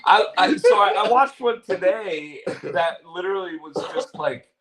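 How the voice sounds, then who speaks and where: A man's voice: sits high, animated, unhurried, background noise. A man hosting a casual chat show, retelling clips in a rambling way with lots of fillers. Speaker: host.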